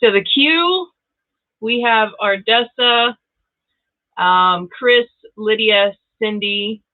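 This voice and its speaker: A woman's voice: fairly high pitch, drawn-out words. Brief: grandmother-aged woman, livestream host, chatty, laughs a lot, tinny phone-like audio. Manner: chatty, laughs often, reads out viewer comments. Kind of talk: casual livestream chat. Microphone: new plug-in microphone.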